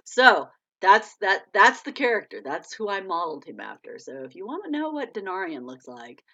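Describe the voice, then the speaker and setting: A chatty middle-aged woman talks casually on a live stream, her voice bright and forceful. She laughs often and answers viewer comments as she goes. The audio is dull and lo-fi. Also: medium pitch, sing-song, normal speed. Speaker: author hosting a live stream.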